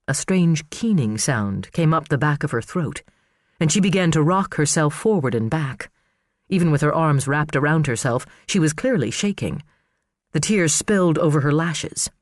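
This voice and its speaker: A man narrating an audiobook thriller in an expressive, dramatic storytelling manner. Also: a little high, normal speed, no echo, clean studio sound. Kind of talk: scripted narration.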